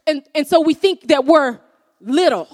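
A woman's voice: sits high, animated, normal speed. A woman preaching a sermon, earnest and repeating phrases for emphasis. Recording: long hall reverb.

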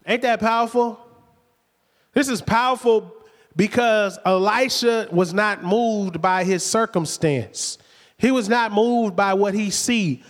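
A man preaching a sermon, retelling the story lively and conversationally with rhetorical questions. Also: high voice, slow pace. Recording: long hall reverb.

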